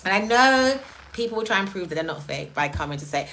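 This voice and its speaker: A middle-aged woman, hosting and talking casually in a chatty, animated way, laughing often. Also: medium pitch, quick pace, rough recording. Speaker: event host. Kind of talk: casual monologue.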